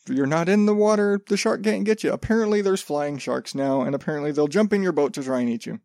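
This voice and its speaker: A man's voice: on the high side, fast, a little mellow, no room sound, clean studio sound. A man hosting a casual solo podcast, rambling with lots of restarts and swearing freely. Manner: rambling, profane, self-interrupting. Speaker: podcast host.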